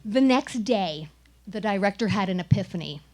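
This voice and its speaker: A woman's voice: mid-range voice, expressive, moderate pace, darkish tone. A woman performing a wry, comic personal story at a live storytelling showcase. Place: small live venue.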